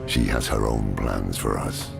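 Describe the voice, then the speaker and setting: A grim old druid mentor speaks in a gravelly, very deep voice full of fry. He talks slowly and gravely, weighing each word. Loud game music swells behind the dialogue. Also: fairly even intonation, exaggerated voice. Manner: grave, measured delivery. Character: gruff weary older male druid mentor.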